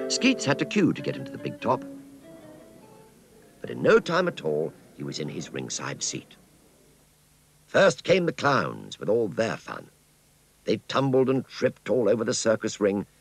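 A man narrating a children's story in an expressive, scripted storytelling manner. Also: deep voice, normal speed, gravelly, music in the background.

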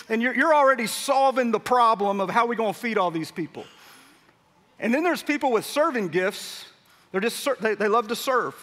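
A middle-aged pastor preaches in a big church, his voice high and bright. Long reverb from the sanctuary trails behind his words. He tells a story and acts out the people in it. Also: animated, normal speed. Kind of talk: sermon.

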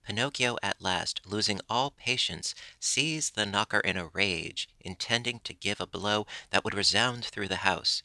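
A man reading a classic children's story aloud as narration, steady and expressive. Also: fairly low pitch, unhurried, hardly any pauses, no echo. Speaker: audiobook reader.

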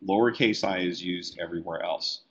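A man who letters comic books, teaching a live software tutorial and talking easily as he works on screen. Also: sits low, moderate pace, breathy edge, lo-fi sound. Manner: relaxed, talks while working on screen. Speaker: comic book letterer and design educator.

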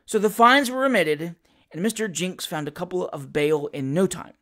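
A reader narrating a classic comic novel as an audiobook, with an expressive, theatrical delivery. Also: mid-range voice, moderate pace.

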